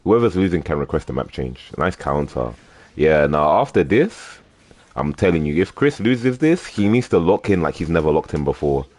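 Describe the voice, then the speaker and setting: A man's voice: very deep voice, very animated, normal speed, a little mellow, dry recording. A man casually commentating a fighting game tournament, teasing players and laughing often.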